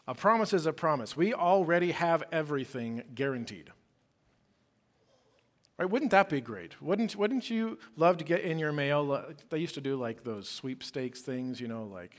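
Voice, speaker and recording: A man's voice: on the high side, animated, moderate pace. A man preaching a sermon as pastor, conversational and emphatic, with rhetorical questions.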